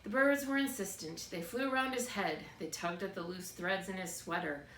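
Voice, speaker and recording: A woman narrating a children's book in a steady, expressive read-aloud. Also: lowish voice, moderate pace. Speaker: storybook reader. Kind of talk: scripted narration. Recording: roomy, distant mic, faint background noise.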